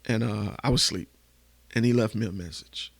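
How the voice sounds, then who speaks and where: A man podcast host telling a candid, emotional personal story, swearing casually and going hushed at the painful parts. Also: on the low side, brisk, vocal fry, no echo.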